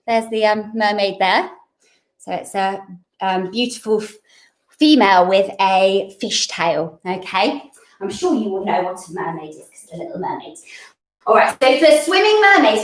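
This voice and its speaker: A woman's voice: sits high, a bit bright, far from the mic. A woman leading a children's yoga lesson, giving encouraging instructions and singing counting verses, a little out of breath. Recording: echoey room, voice from away from the mic.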